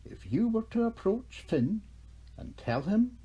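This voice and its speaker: A man's voice: high-pitched, big pitch swings, a little slow, warm tone, slightly rough, muffled recording, voice pushed up, heavily acted. A man voicing a mischievous, teasing old leprechaun king in a lilting, playful storybook voice. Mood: scheming. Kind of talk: storybook character voice.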